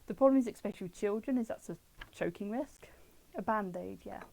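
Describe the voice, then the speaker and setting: British woman streamer at home; mellow tone, chatty and digressive, quips back at chat. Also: mid-range voice, fairly quick, gravelly, slight background noise, rough recording. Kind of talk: casual livestream chat reviewing old books. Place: at home with her dog.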